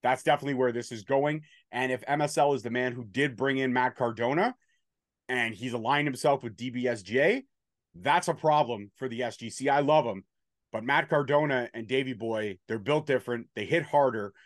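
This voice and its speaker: Here is a man at an ordinary middle pitch, talking casually as a show host and running through a recap with swearing and teasing jabs. His voice sits close and dry, with no room sound around it. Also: moderate pace, dry recording. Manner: profane, bantering play-by-play recap. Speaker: podcast host recapping wrestling. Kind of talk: casual chat.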